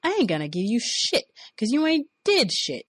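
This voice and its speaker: A woman voicing a bullying, lecherous male cafeteria manager who yells and sneers, in a dry recording. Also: on the high side, very animated, normal speed, slightly rough, no echo, pitched above the performer's own voice, full character voice. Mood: yelling. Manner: shouting, sneering, crude.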